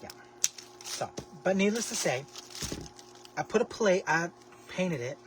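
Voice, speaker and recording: A man hosting a casual craft livestream, chatting to viewers in a sassy, expressive way with lots of exclamations. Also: sits high, unhurried, distant mic. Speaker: livestream host making a craft basket. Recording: steady background noise.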